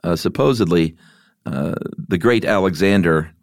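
A man's voice: low voice, normal speed, creaky, no echo, studio quality. A man co-hosting a casual podcast, easygoing and self-deprecating, with lots of hesitant fillers. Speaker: podcast co-host.

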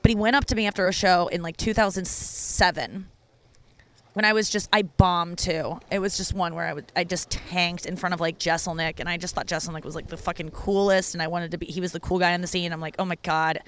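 A woman comedian telling a personal story in casual monologue. She is candid and profane, with lots of "like" fillers. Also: a little fast. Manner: animated when quoting people, with big pitch jumps. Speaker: stand-up comedian.

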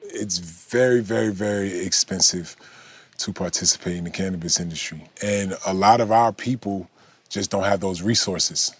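Deep-voiced man telling stories in an interview. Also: moderate pace, husky. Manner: animated storyteller, laughs while telling stories. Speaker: interviewee, former pro basketball player turned cannabis entrepreneur. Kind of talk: casual interview storytelling.

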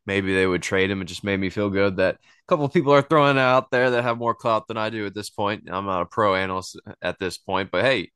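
Male podcast host, very low voice, smooth, dry close mic, relaxed rambling delivery. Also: quick pace, few pauses, no echo. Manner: laid-back, rambling, laughs often. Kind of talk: casual sports podcast chat.

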